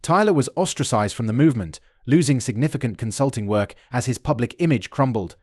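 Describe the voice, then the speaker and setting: A man narrating a dramatic story in an even, steady storytelling delivery. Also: mid-range voice, a little fast, husky, no echo, clean studio sound.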